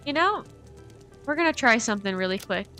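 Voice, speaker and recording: A woman's voice: fairly high pitch, animated, brisk, sharp tone, soft background music. A young woman with a light Southern American accent, chatting casually and rambling to her chat while she plays a game. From Southern United States. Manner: chatty, rambling, giggly, talks to herself while playing. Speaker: game streamer.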